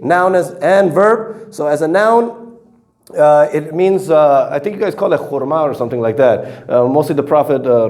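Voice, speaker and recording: A man teaching English pronunciation in a casual classroom style, explaining slowly with many fillers and repeated examples. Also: medium pitch, a little mellow. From Afghanistan. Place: teaching in Kabul.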